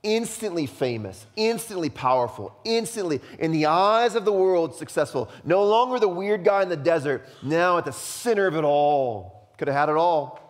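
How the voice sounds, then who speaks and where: A man preaching a sermon as pastor, speaking emphatically and often dropping to a quiet, intense hush. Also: fairly high pitch, expressive, moderate pace, hardly any pauses, big-room sound.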